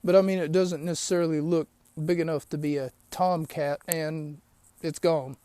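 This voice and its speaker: A man's voice: on the high side, steady tone, moderate pace, dark tone, clear, resonant tone. A man hosting a podcast, recapping a show in a rambling, chatty way with lots of asides. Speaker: podcast host. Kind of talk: casual recap of a wrestling show.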